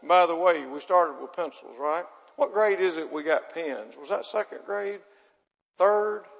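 High-voiced preacher in a hall. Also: male voice, a little slow, vocal fry. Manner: chatty, asks the audience questions, self-deprecating. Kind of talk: folksy sermon with audience banter. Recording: long hall reverb.

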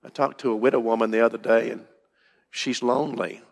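A man's voice: medium pitch, fairly even intonation, normal speed, vocal fry, husky. An older man preaching a conversational sermon to his congregation in church, with emphatic questions. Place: church hall. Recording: roomy hall reverb.

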